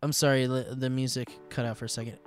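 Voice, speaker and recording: A man's voice: mid-range voice, level tone, fast, clear, resonant tone, soft background music. A young man hosting a podcast, reading sponsor ads in a jokey, rambling way. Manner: jokey, playful, rambling ad reads. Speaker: podcast host. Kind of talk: goofy ad reads on a podcast.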